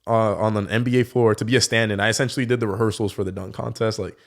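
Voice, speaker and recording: A man's voice: on the low side, fast talker. Young man telling stories casually. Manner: relaxed storytelling, many fillers like "like". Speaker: guest, professional dunker. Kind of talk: casual podcast conversation.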